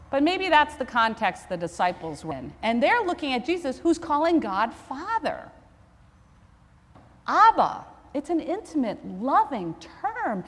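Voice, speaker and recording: With a voice that's a little high and a bit bright, a woman Episcopal priest preaches in church. She tells a story conversationally, poking fun at herself, and the recording has long church reverb.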